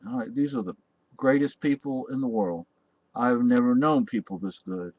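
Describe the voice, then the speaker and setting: A man's voice: mid-range voice, moderate pace. Man, rambling monologue, repeats himself, muffled lo-fi sound. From Texas. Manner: rambling, repeats and restarts phrases. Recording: dull, dry lo-fi recording.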